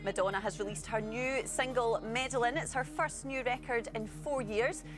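A woman presenting an entertainment news show, bright and playful. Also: fairly high pitch, moderate pace. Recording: music underneath.

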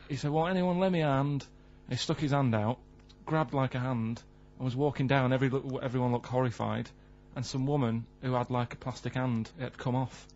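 A man with a whiny Mancunian accent, rambling through deadpan anecdotes on a radio show. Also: mid-range voice. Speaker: radio producer. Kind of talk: casual radio banter. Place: radio studio. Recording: dull radio broadcast, faint hum.

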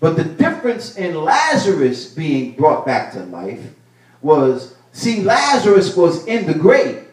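A male pastor preaching a sermon, building to loud bursts and repeating his phrases. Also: fairly high pitch, huge pitch swings, slow pace. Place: church sanctuary. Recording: echoey church room, mic at a distance.

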